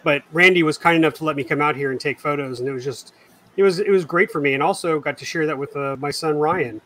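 A man's voice: on the high side, quick pace, fairly bright tone, recorded from a distance. A middle-aged man co-hosting a casual chat, enthusiastic and talking to listeners. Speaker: co-host.

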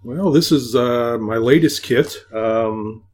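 A man's voice: mid-range voice, slow, darkish tone. A man as a podcast guest, explaining his model kit design with many fillers. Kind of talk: casual interview.

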